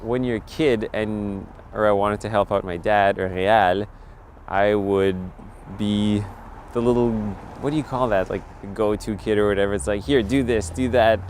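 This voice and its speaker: A young man tells stories and explains his craft casually in a documentary interview. His voice sits low for a man, and a faint outdoor hum lies under it. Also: normal speed. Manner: casual, storytelling, lively quoting. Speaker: snow sculptor.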